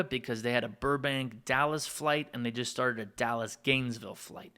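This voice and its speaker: A man's voice: mid-range voice, moderate pace, sharp tone, clear, resonant tone. Rambling casual man telling a story. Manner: rambling, digressive, with asides to listeners. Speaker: music producer and channel host.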